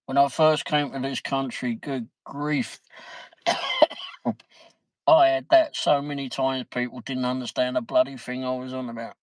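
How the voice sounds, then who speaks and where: A man's voice: mid-range voice, flat delivery, unhurried, no room sound, low-quality recording. A middle-aged man, chatting casually on his livestream, reading viewer comments, laughing easily and swearing mildly. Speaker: livestream host.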